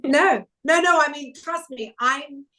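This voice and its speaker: Middle-aged English broadcaster, slightly high voice, animated storyteller, casual podcast chat. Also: female voice, measured pace. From England. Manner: animated storytelling, acts out quotes.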